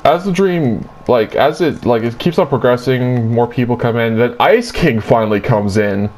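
A man's voice: medium pitch, animated, normal speed, darkish tone, a little hiss or hum. Rambling, crude young man telling a dream. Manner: rambling and crude, full of filler likes. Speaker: host retelling his dream. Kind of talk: casual chat.

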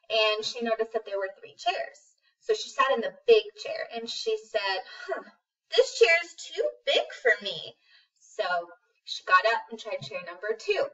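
A woman telling a children's story in a relaxed, unhurried way. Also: on the high side, distant mic, dull audio. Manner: relaxed, unhurried with some ums. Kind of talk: casual storybook narration.

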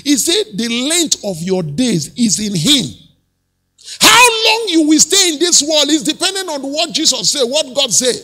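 A male pastor preaching a sermon, rising to shouted peaks and dropping low again. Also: big pitch swings, a little slow, long reverb tail. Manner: preaching with shouted peaks and sudden drops to near-whisper.

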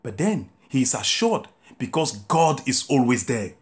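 A man, a Catholic priest preaching a meditative sermon with drawn-out, emphatic phrases. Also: medium pitch, big pitch swings.

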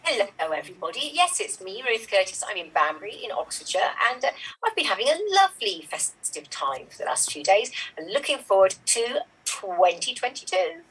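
A woman with a very husky voice, chatting in a friendly way. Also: medium pitch, big pitch swings, brisk, few pauses, a bit bright, low-quality recording. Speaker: improv panelist.

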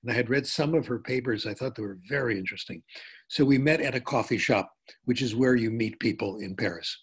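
Older guy, slightly husky voice, chatty storytelling talk with restarts. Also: medium pitch. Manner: anecdotal, conversational with pauses and restarts. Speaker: linguistics speaker. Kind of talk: conference talk.

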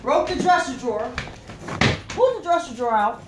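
A woman's voice: high voice, a little fast. A woman telling her side of a domestic spat, profane and acting out the scenes. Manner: animated, profane, acts out scenes. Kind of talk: casual comic vlog storytelling. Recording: very echoey room, far from mic, clear background noise.

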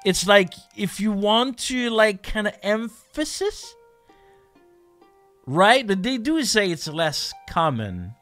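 Lively, bright-voiced male game streamer. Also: high voice, slow pace, faint music behind. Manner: animated, joking, laughs often. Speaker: streamer playing a language game. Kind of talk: casual gameplay commentary.

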